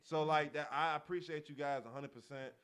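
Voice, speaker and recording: Fast-talking animated young man. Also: on the high side, smooth. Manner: animated storytelling with acted-out quotes and frequent laughter. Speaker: podcast co-host. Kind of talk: casual chat.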